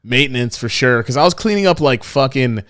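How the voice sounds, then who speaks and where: A man's voice: medium pitch, expressive, fairly quick, fairly bright tone, dry recording, clean studio sound. A young man co-hosting a podcast in laid-back joking chat. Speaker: podcast co-host. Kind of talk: casual podcast banter.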